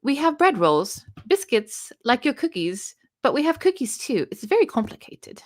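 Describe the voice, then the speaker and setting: A woman's voice: sits high, big pitch swings, normal speed, voice pushed up. A woman putting on a silly British accent to read out a viewer's chatty comment. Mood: playful. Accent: put-on British. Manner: playful, silly.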